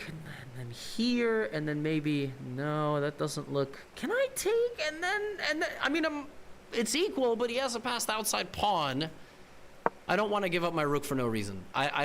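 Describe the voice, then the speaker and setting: A man streaming a chess game and thinking aloud, his lightly raised voice leaping all over the place as he works through moves. He mutters to himself, doubles back on his own words and slips in wry jabs at his opponent. A faint hum of room ambience sits underneath. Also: high voice. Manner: wry teasing banter at the opponent.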